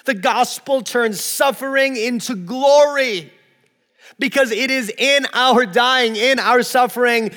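A man's voice: very high voice, bright, forceful tone, long reverb tail. A man pastor preaching a sermon, earnest and emphatic, often repeating words as he builds a point.

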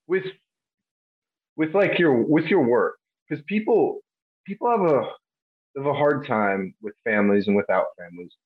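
A man hosting a casual interview, talking animatedly and thinking aloud with fillers. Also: fairly low pitch. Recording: dull lo-fi audio.

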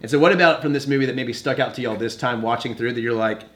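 A man's voice: medium pitch, quick pace. A man hosting a laid-back movie-review podcast, his voice sitting in a middle register. He talks animatedly, slipping into little acted-out quotes as he walks through scenes. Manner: animated, acts out quoted lines while recapping. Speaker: podcast host.

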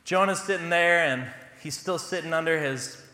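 Young pastor, bright tone, casual self-deprecating sermon delivery, roomy church echo. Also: male voice, on the high side, normal speed. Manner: conversational, self-deprecating humor. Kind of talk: sermon with personal stories. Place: church sanctuary.

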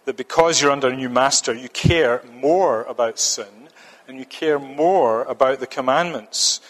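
Preacher guy, earnest and emphatic, repeats himself for stress, echoey church hall sound. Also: medium pitch. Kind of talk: sermon. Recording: long reverb of a church hall.

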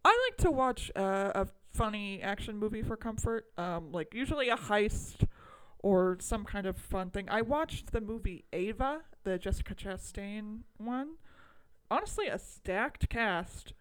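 A woman's voice: medium pitch, expressive, unhurried, clean tone, rough recording. A woman co-hosting a film podcast, chatting casually and playfully. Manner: playful, jokey mock accent at times. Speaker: podcast co-host. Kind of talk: casual chat.

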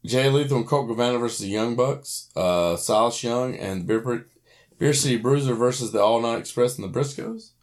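A man's voice: mid-range voice, normal speed. A man co-hosting a casual podcast chat, wry and profane, reading match lists aloud. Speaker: podcast co-host.

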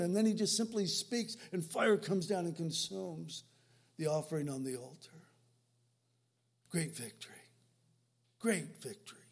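Husky high-voiced guy preaching, chatty, keeps restarting his sentences. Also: darkish tone. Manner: conversational preaching with repeated restarts. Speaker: pastor. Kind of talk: sermon.

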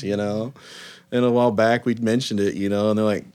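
Man, 30s, mid-pitched, rambling podcast storyteller. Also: fairly even intonation, brisk. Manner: rambling storyteller, acts out quotes with frequent "man" and "dude". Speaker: business owner and father. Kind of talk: casual podcast chat.

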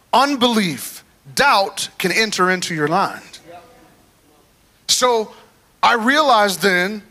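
Man, guest preacher, bright clear voice, storytelling sermon, talks straight to the congregation. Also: high voice. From United States. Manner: animated, conversational, talks to the crowd. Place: church.

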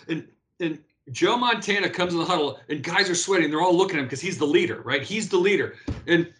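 A man in his fifties talks as an interview guest with a fairly high-pitched voice. He tells stories animatedly, often restarting and repeating words as he works out his point. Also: quick pace, a bit bright. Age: 50s. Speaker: interview guest, former pro athlete. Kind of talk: casual interview talk.

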